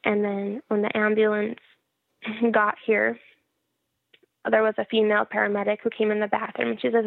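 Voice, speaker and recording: A woman's voice: medium pitch, monotone, normal speed, vocal fry, pauses often, no room sound. A woman frankly telling her own story in a casual interview, wry and laughing at herself. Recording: tinny phone-like line.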